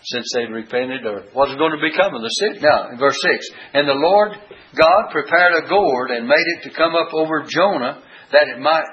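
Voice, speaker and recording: A man's voice: on the high side, normal speed, breathy edge. A man preaching a folksy sermon, retelling scripture in a storytelling way. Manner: folksy storytelling with frequent uh fillers. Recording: dull lo-fi recording.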